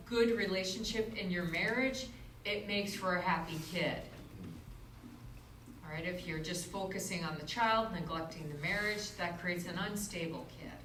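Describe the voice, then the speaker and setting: A woman's voice: fairly low pitch, fairly bright tone, reverberant, slight background noise. A female instructor lecturing a class, explaining ideas and asking the students questions, recorded from far off in a classroom. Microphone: far room mic.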